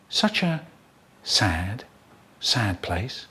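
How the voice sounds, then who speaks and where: A young man narrating an absurd, crude comic story in a deadpan way. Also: medium pitch, unhurried. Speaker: comedy voiceover narrator.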